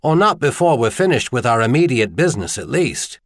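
A man's voice: mid-range voice, sing-song, brisk, no echo. A man voicing a dry, stern emperor.

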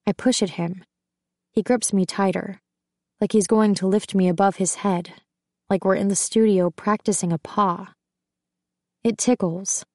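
A woman's voice: mid-range voice, a little mellow, dry recording, clean studio sound. A woman narrating a novel in the first person, with a tense, intimate storytelling delivery. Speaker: audiobook narrator.

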